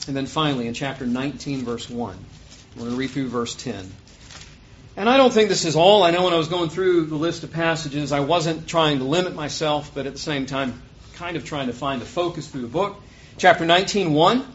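A man preaching a sermon, reading scripture loudly and dropping low and quick for his asides. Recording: dull lo-fi sound.

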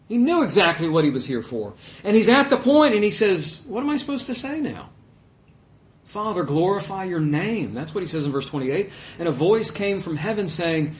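Animated preacher man, slightly high voice. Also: reverberant. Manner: animated, conversational, quotes voices. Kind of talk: sermon.

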